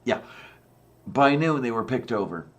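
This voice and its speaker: A man's voice: mid-range voice, lively intonation, unhurried. A man in a casual chat, easygoing, rambling through everyday anecdotes.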